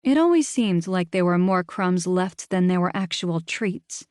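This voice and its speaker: A woman's voice: lowish voice, lively intonation, measured pace, no room sound. A woman narrating a first-person audiobook with a wry, dry-humored delivery.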